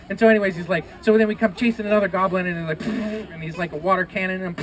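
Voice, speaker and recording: A man telling a story to a festival audience, lively and playful, gasping and making sound effects as he acts out the characters. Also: high voice, very fast, few pauses. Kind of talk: animated storytelling to a live audience. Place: outdoors at a renaissance festival. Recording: noisy outdoor live recording.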